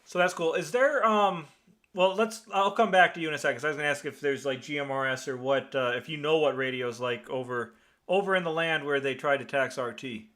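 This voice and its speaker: Brief: upstate New York man, net control host, chatty rambler, higher and bright tone. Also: fairly quick. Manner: chatty and rambling, many fillers and restarts. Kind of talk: casual on-air radio net hosting.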